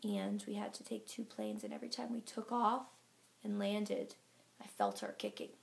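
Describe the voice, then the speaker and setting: A woman's voice: medium pitch, big pitch swings, normal speed, creaky. A woman vlogger giving a casual pregnancy update to camera, chatty and filler-heavy, a little out of breath.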